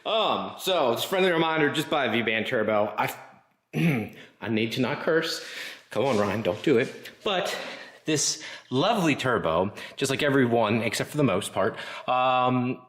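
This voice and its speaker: A man's voice: medium pitch, animated, measured pace, fairly bright tone. A man hosting a casual garage vlog, rambling and frustrated as he works on his car. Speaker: car builder and channel host. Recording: roomy garage echo.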